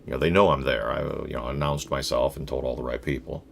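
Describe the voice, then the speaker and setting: A middle-aged man vlogging, telling a rambling personal story in a blunt, profane way with wry asides and lots of halting restarts. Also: a bass voice, steady tone, creaky, slight background noise. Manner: halting, with many fillers and restarts.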